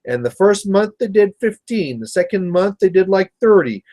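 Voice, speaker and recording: Casual Canadian male streamer, rambling storyteller, slightly raised pitch. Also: lively intonation, moderate pace, a little mellow. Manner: rambling storyteller, chatty with viewers. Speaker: miniature painting livestream host. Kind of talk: casual chat while painting.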